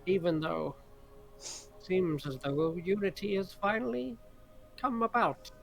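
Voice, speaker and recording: A man voicing a solemn female elf in a tabletop game, speaking gravely and slowly. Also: high voice, steady tone, soft background music, pitched above the performer's own voice.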